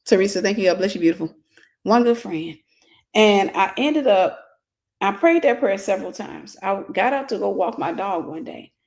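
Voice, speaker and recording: A woman's voice: mid-range voice, normal speed, a little mellow. A woman minister in her forties telling a personal story in a casual livestream sermon, greeting viewers by name.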